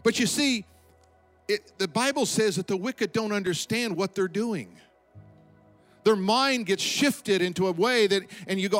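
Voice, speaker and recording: A man with a high voice preaches a sermon. He speaks with emphasis, slows down on his key points, and lets his voice fall low at the ends of lines. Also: animated, a bit bright, faint music behind. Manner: emphatic preaching, slowing for stress and dropping low at line ends. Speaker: pastor.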